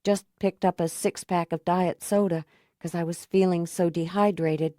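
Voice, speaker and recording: Woman narrator doing weary, tremulous runaway woman; mellow tone. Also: steady tone, normal speed, no room sound, clean studio sound, natural voice. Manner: tense and tremulous, lifting higher. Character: frightened, exhausted young woman on the run. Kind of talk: audiobook character voice.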